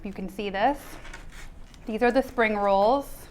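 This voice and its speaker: A woman's voice: mid-range voice, takes it slowly, a little hiss or hum. A woman host presenting a food review, upbeat and speaking to the camera.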